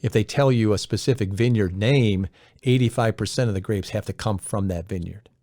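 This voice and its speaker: A middle-aged man explaining wine in a measured, step-by-step casual talk. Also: on the low side, darkish tone, no room sound, clean studio sound. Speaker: wine expert co-host.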